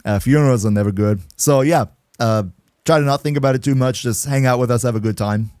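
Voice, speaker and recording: A man's voice: medium pitch, brisk, a little mellow, clear, resonant tone, dry recording. Chatty male game streamer, dry sound. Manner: chatty, laughs often, greets and answers chat. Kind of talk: casual livestream gameplay commentary.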